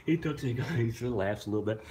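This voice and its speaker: A man's voice: medium pitch, very fast, reverberant. A man hosting a live online show, chatting casually with viewers and rambling through stories with swearing and laughs. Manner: rambling, animated storyteller who swears and laughs. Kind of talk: casual live-stream chat, reacting to viewer comments.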